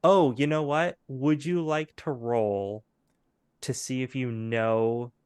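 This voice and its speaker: A man's voice: medium pitch, steady tone, takes it slowly, darkish tone, smooth, no echo. A man narrating a tabletop game as game master, rambling and hesitant with many fillers.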